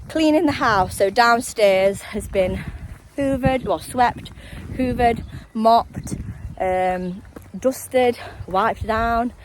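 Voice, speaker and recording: A woman's voice: mid-range voice, slight background noise, low-quality recording. A young woman vlogging casually on a countryside walk, rambling to her viewers and slightly out of breath. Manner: rambling, friendly, talks to viewers directly. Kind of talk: casual chatty vlog while walking.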